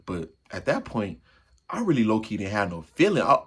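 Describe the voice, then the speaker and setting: A man telling a funny personal story to his viewers in a casual, slangy way, acting out the crashes and his own yells. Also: fairly low pitch, normal speed, slightly rough. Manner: animated, acts out yells and crashes.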